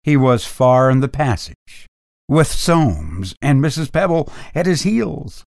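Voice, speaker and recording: A man narrating a first-person ghost story in a dramatic, expressive reading. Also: mid-range voice, takes it slowly, vocal fry, no echo, clean studio sound.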